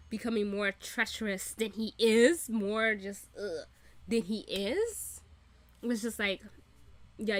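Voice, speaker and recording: A woman's voice: mid-range voice, no echo. A woman giving casual reaction commentary, emphatic and repetitive, laughing often and swearing freely. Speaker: reaction channel host.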